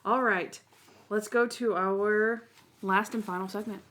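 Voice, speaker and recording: A woman's voice: medium pitch, fairly even intonation, unhurried. Woman, podcast co-host, casual chat, rambling, retells scenes with quotes.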